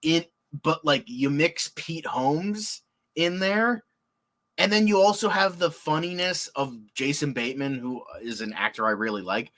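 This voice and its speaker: A man hosting a casual reaction show, excitable and rambling, swearing often and laughing. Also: a little high, a little slow. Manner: excitable, swears a lot, lots of filler words and laughs. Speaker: podcast host.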